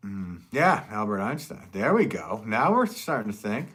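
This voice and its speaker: A man's voice: lowish voice, sing-song, normal speed, a bit bright. A man who is a potter, chatting casually with viewers on a live stream, rambling and chuckling often as he reads comments.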